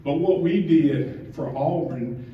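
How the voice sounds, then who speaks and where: A man's voice: fairly high pitch, slow, slight background noise. A middle-aged man giving a heartfelt, rambling acceptance speech at an event, joking about himself and getting emotional. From Georgia. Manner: rambling, heartfelt, self-deprecating. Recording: distant roomy mic with muffled sound.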